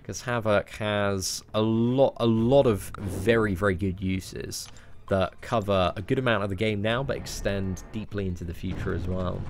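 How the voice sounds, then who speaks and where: A man's voice: fairly low pitch, steady tone, normal speed, a little hiss or hum. A young English man chatting casually on a game live stream, answering viewers, self-mocking and full of "like" and "mate". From England. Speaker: gaming streamer. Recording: faint music behind.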